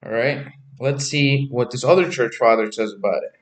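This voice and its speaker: A man's voice: medium pitch, moderate pace, reverberant. A man giving casual preaching commentary on his channel, chatty, often repeating himself and asking "right?" and "okay?". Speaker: religious YouTuber.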